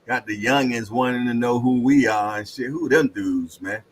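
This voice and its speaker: A man's voice: medium pitch, moderate pace, breathy edge, poor audio. A middle-aged man hosting a casual hangout show, joking loosely in slang and telling stories with frequent laughs. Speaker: host. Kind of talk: casual chat and storytelling.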